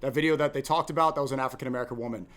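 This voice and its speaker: A man of Haitian family talking fast and animatedly on a live stream, stumbling over repeated words as he argues his point. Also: medium pitch, steady tone, fairly bright tone. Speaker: streamer and host. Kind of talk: casual live-stream debate.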